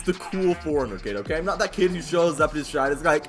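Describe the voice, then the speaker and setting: Loud hyped young American man. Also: fairly high pitch, fast, few pauses, soft background music. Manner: loud, hyped, often yelling. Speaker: story time vlogger. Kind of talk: casual storytelling. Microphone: close microphone.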